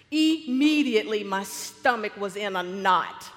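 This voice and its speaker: A woman telling a personal faith story in a lively, animated way, acting out the people she quotes. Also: mid-range voice, moderate pace, hardly any pauses, in a large hall.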